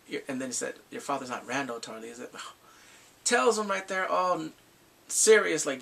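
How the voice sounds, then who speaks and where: A young man chats through a TV episode in an animated, excitable way, now and then acting out the characters loudly. His voice sits a little high, with a bright, forceful edge, a husky grain and a gravelly rasp. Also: brisk. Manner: animated, acts out scenes with shouted exclamations. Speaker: TV show reviewer. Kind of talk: casual recap.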